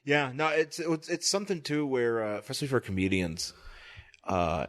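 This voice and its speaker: A man's voice: medium pitch, normal speed, a bit bright. A man co-hosting a casual podcast chat, rambling, swearing freely and stopping to search for names. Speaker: podcast co-host.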